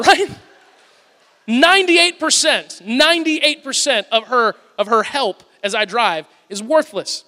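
A pastor with an extremely high, sharp-toned voice delivers his sermon slowly and expressively, telling stories with conversational humor. The large church hall lends the recording a long reverb.

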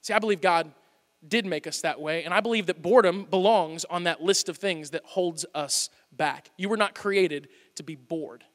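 Man, pastor, bright high voice, lively conversational sermon, hall reverb. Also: normal speed. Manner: animated, conversational, playful asides. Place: church auditorium.

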